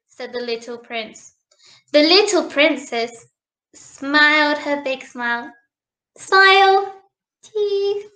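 A woman reads a picture book aloud to children, animated and coaxing. Her voice is very high and bright, and she takes her time. The room around her is echoey. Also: takes it slowly. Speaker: storybook reader.

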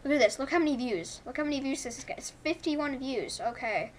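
Excitable young woman playing a sim game. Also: high voice, brisk, slight background noise. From Canada. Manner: excitable, chatty, thinking aloud. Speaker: gaming YouTuber. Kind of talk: casual gameplay commentary. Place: home room. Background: family's movie faint in background.

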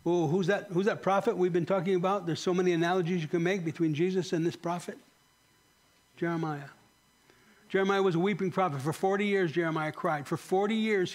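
A male pastor preaching with passion, his high voice climbing on pointed questions before falling to a near-hush. The delivery is a fervent sermon, by turns urgent and sorrowful. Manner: impassioned preaching, rising to emphatic high questions then dropping soft.

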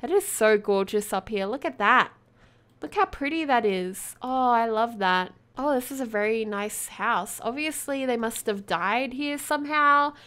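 A woman hosting a let's play, giving excitable gameplay commentary full of gasps and exclamations of wonder. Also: on the high side, unhurried.

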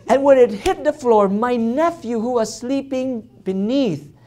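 A man's voice: extremely high pitch, measured pace. A man, a traveling missionary, telling a personal testimony in a church sermon with self-deprecating jokes and acted-out reactions. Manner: lively storyteller, self-deprecating jokes, acts out his own reactions.

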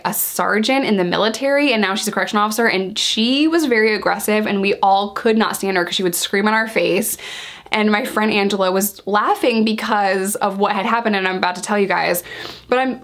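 Frank, slangy woman telling jail stories. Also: medium pitch. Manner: frank, animated storytelling that acts out quoted dialogue; blunt, slangy and profane. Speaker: vlogger sharing her jail experiences. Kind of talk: candid storytime monologue.

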